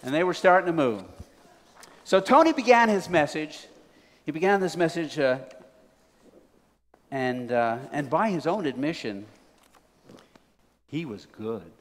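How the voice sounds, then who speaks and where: A man preaching a sermon in a church sanctuary, telling his story in a folksy way with a fairly high voice. His words ring with a long reverb through the big room. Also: unhurried, long pauses. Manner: folksy, building to excited. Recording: reverberant hall.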